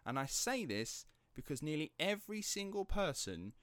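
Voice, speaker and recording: A man's voice: on the high side, normal speed, clean tone, no room sound. A man with an Estuary English accent, chatting casually and telling stories animatedly, with some swearing. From England. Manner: animated storyteller, swears freely. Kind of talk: casual chat.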